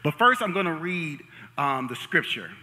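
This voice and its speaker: A young male pastor with a bright, forceful voice, slightly higher than most men, preaching in a church hall with a long echo. He jokes, teases and hypes the crowd, sliding between quiet asides and loud shouts. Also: moderate pace. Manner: lively, joking and hyping up the congregation. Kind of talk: sermon. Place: church sanctuary. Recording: long reverb of a large hall.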